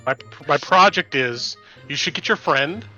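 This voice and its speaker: A man's voice: fairly high pitch, expressive, measured pace, sharp tone. A man chatting casually as a player at a tabletop game, loose and full of fillers. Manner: loose, filler-heavy, friendly. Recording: dull lo-fi audio with faint music.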